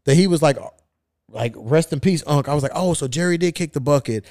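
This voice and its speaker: A man's voice: fairly high pitch, brisk, darkish tone, no echo, studio quality. A podcast host telling a long, profane story in casual chat, acting out the people he quotes. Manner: profane, acts out quoted voices.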